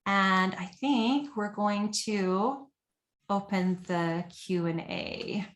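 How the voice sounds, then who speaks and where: A woman's voice: medium pitch, extremely slow, roomy sound. A woman giving a webinar presentation over a computer mic, earnest and conversational with frequent fillers.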